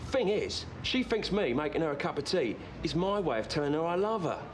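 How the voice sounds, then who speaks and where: Man, comic monologue, deadpan and rambling, lively higher pitch, background hiss. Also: brisk. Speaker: storyteller. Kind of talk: comic first-person monologue.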